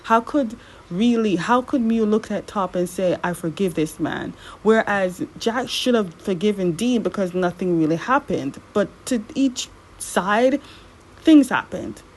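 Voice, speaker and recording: A woman recapping a TV drama episode in casual commentary, animated and exasperated, her voice jumping up high when worked up. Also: unhurried, rough recording. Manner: animated, exasperated, swings up in pitch.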